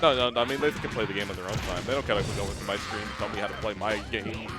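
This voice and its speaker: Fast-talking man, deadpan game streamer. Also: lowish voice, over music. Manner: rambling, deadpan jokes. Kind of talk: casual gaming stream chat.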